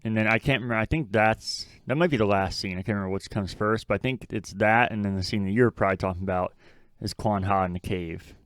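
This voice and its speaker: A man's voice: on the low side, fast, fairly bright tone, no room sound, studio quality. A man co-hosting a podcast, talking casually, rambling and swearing freely. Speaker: podcast co-host. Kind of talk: casual chat.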